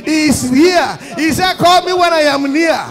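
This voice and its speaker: A man with a Nigerian accent leading a fervent prayer sermon, often shouting and repeating his calls to the congregation. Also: very high-pitched, normal speed. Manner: impassioned, often shouting, repetitive exhortations. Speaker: pastor. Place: church service.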